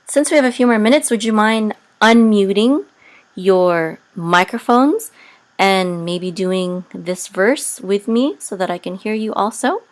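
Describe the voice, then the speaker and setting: A woman teaching Hebrew reading over a video call, patient and hesitant with many pauses, now and then chanting words in a sung tone. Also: medium pitch.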